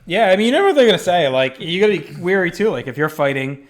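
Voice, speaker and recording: Co-hosting a podcast, this man speaks fast in a high-sitting voice while recounting a story over casual conversation. His delivery is lively and full of fillers, and he curses without holding back.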